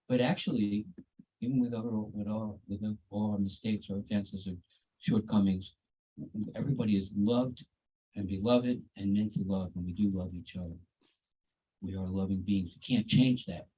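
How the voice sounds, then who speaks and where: A man's voice: on the low side, slightly rough, highs cut off. A man giving a devotional talk over a video call, telling stories in a conversational way with folksy asides. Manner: conversational, folksy asides like "you know" and "cool, eh".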